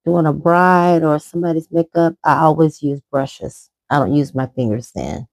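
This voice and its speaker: A middle-aged makeup vlogger rambles chattily in a casual tutorial, talking while she applies her makeup. She has a deep, darkish voice at normal speed, recorded dry.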